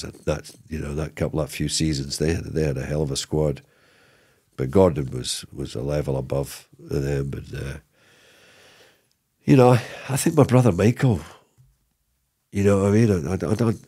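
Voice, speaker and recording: A middle-aged man, a former footballer, telling stories in a casual interview, rambling and animated with many restarts. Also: very deep voice, normal speed, breathy edge. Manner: animated, rambling, lots of repeated starts and "you know what I mean".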